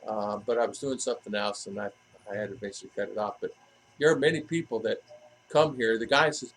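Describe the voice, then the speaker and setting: A man's voice: fairly low pitch, quick pace, a bit bright, low-quality recording. A man vlogging in a casual, rambling monologue, often restarting his sentences and adding asides. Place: living in the Philippines.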